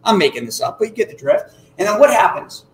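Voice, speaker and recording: A man giving an explanatory talk about money to an audience, acting out little dialogues in an animated way. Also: sits high, fast talker, roomy sound, a little hiss or hum, rough recording. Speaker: financial educator.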